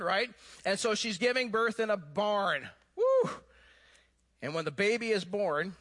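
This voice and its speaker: A man preaching a sermon, telling a story with animated emphasis that drops to hushed, low tones. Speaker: pastor.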